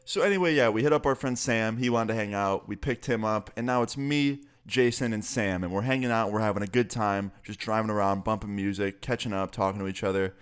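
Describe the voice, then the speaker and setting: A young man in his twenties telling a storytime vlog in a casual, profane, animated way. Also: fairly low pitch, fairly quick, hardly any pauses, clean tone.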